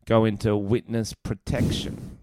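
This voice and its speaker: A man's voice: lowish voice, little pitch movement, unhurried, noisy background. A young man co-hosting a podcast in casual chat, rambling and giggly as he tells stories. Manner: rambling, giggly, loose storytelling. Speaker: podcast co-host.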